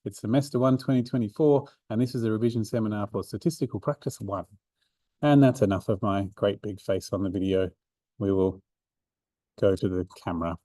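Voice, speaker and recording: Mellow man explaining statistics. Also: fairly low pitch, fairly quick, dry recording. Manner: explains step by step with fillers and repeats. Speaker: maths learning centre coordinator. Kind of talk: recorded revision seminar. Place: room, drawing notes for an overhead camera.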